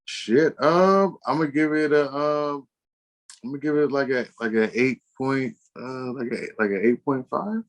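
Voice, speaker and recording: A man's voice: mid-range voice, measured pace. A man co-hosting a casual horror film review in a laid-back, slangy, profane way. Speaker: podcast co-host.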